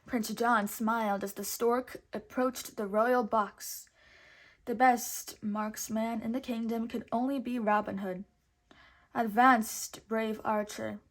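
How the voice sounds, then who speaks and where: A woman reading a storybook aloud with expressive, measured narration. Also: on the high side.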